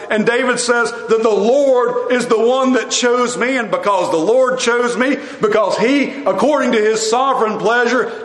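A man's voice: very high voice, fairly bright tone. A man preaching a sermon, earnest and explanatory, asking rhetorical questions and often restarting his phrases. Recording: echoey room.

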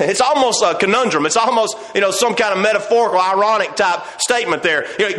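A man's voice: high-pitched, expressive, quick pace, hardly any pauses, a bit bright. A middle-aged man preaching a sermon, telling folksy stories and building to fervent emphasis. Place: church sanctuary. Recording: long reverb of a church hall.

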